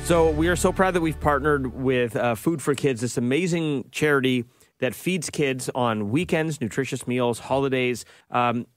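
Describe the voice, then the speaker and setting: A man's voice: mid-range voice, normal speed, soft background music. Teasing, upbeat male radio host. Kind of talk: morning radio banter. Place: radio studio. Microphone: studio microphone.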